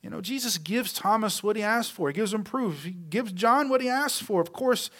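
A male pastor whose voice sits high speaks expressively at a moderate pace. His sermon is conversational, full of rhetorical questions, with each phrase falling soft at the end.

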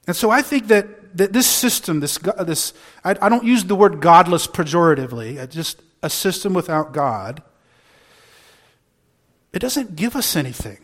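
A man's voice: high-pitched, expressive, normal speed. A man preaching a sermon, earnest and searching, asking one rhetorical question after another and restarting words as he thinks aloud. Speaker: pastor.

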